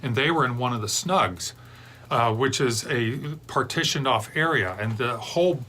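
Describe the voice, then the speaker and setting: Middle-aged man, beer show host, chatty digressive talk, bright forceful tone, faint hiss behind. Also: medium pitch, moderate pace. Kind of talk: rambling casual chat.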